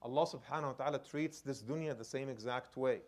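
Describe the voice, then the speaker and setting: A male imam preaching a sermon and telling a personal story, swinging between loud outbursts and hushed, low lines. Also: quick pace.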